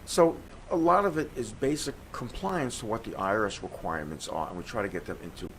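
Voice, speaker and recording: A man's voice: fairly low pitch, brisk, a little hiss or hum, rough recording. An older man from New York with a New York accent, a tax accountant chatting as an interview guest and telling stories. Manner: chatty, storytelling, animated. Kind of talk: casual interview chat.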